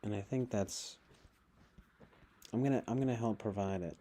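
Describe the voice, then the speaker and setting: A man on a live stream reads the news aloud and reacts with casual, sarcastic commentary, swinging into mocking high voices. He speaks at a moderate pace in a mellow voice.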